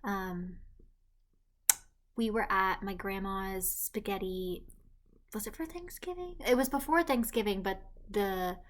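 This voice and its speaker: A young woman gives a rambling, self-deprecating vlog update, drifting between tangents. She talks softly at times, dropping into hushed, breathy asides, and her voice sits in an ordinary middle pitch for a woman. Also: takes it slowly, long pauses. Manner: quiet and hushed at times, while her partner sleeps. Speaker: vlogger. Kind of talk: casual pregnancy update vlog.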